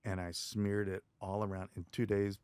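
A man's voice: on the low side, normal speed, smooth, no echo. A man telling a story as a podcast guest, acting out the people in it as he goes. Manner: animated, acts out quotes in the story. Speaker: guest, stuntman. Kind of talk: casual storytelling.

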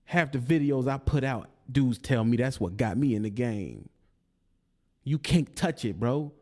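A man's voice: mid-range voice, expressive, measured pace, dark tone. A man, delivering a confrontational, preachy monologue aimed at a rival, taunting and repeating his points. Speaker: online commentator.

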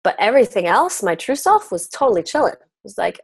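A woman in her thirties, a podcast guest talking casually about spiritual growth, animated and full of "like" as she acts out inner voices. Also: mid-range voice, brisk, husky, dry recording.

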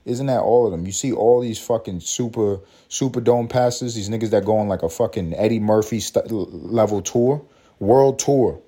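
A man's voice: lowish voice, normal speed, slightly rough. Profane, mocking man ranting on a podcast. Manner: profane, mocking, animated storytelling. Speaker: podcast host. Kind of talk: profane comedic rant.

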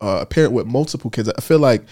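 A man's voice: mid-range voice, fast talker. Guy hosting a chat show, super informal, cheering his guest on, mid-range voice. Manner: informal, encouraging, lively interjections. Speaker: podcast host. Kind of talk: casual interview chat.

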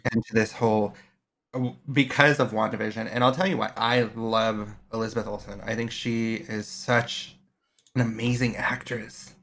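A man's voice: lowish voice, steady tone, normal speed, vocal fry, a bit bright. A man co-hosting a podcast, talking in a chatty, enthusiastic way. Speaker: podcast co-host. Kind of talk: casual chat.

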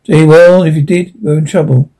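A man voicing a bold young Scottish highlander, urgent and determined. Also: steady tone, brisk, warm tone, husky, rough recording.

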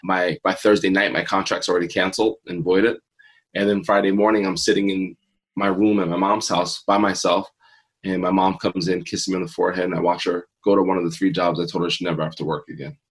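A man's voice: low-pitched, level tone, a little fast, slightly rough, rough recording. A man in his forties, an interview guest and mindset coach, telling a personal story earnestly and acting out his own past thoughts.

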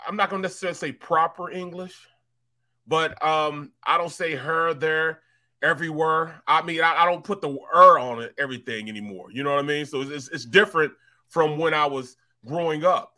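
A man from St. Louis co-hosts a sports talk show in easy, rambling conversation. His voice is bright and sits a little high, and he keeps tagging his sentences with "man". He sounds relaxed and chatty throughout. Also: a little fast. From St. Louis, USA. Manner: laid-back, rambling, tags lines with "man". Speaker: sports radio co-host.

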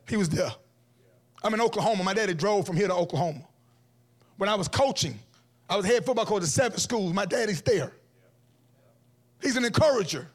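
A man, preaching an energetic, comic sermon as guest speaker at a church event. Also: high-pitched, a little fast, long pauses. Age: 40s. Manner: animated, comic, acts out quotes in different voices. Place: church event hall before an audience.

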